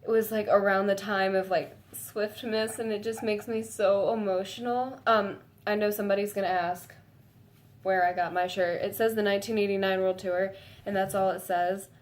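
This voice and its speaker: A woman vlogging to her viewers in a gushing, excitable way, full of "like" fillers and breaking into high squeals. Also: moderate pace. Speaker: fan vlogger. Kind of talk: casual chat to camera.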